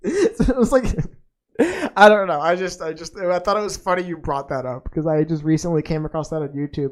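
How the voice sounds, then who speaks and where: A woman with a somewhat low voice hosting a casual podcast chat. She rambles from one tangent to the next, slangy and laid-back, with fillers and false starts all through. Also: fairly quick. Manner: laid-back and slangy, calling listeners dude and man. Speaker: podcast host.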